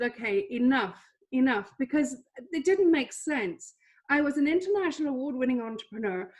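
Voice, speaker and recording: A middle-aged woman coaching on a webinar, telling a personal story in an animated, confessional way with bursts of emphasis. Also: high voice. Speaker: trading coach. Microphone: webinar microphone.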